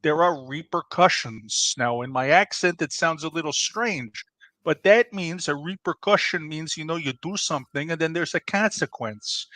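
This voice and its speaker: A man's voice: a little high, moderate pace, pushed and bright, no room sound. A man playing a brash, bossy middle-aged pizzeria owner, who scolds and talks over his partner in a comedy debate. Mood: indignant.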